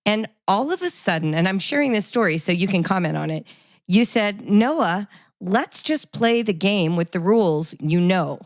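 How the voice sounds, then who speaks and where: A middle-aged woman hosts the interview, telling stories with animated energy before she asks her question. Her voice has a middle pitch and sounds dry and close to the mic. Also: normal speed, no echo. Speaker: podcast host. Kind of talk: conversational interview.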